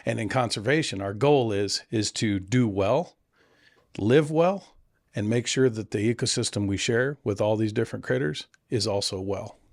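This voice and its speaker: Middle-aged man, gravelly voice, earnest storyteller, dry close mic. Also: on the low side, normal speed, no echo. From California. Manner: earnest, storytelling, self-deprecating. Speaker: guest, conservation nonprofit CEO. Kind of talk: casual interview conversation.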